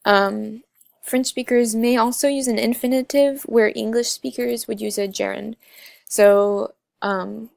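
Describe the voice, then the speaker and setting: A woman's voice: mid-range voice, creaky, darkish tone, no room sound. A young woman narrating a class slide presentation, explaining step by step with frequent filler sounds. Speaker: student presenter.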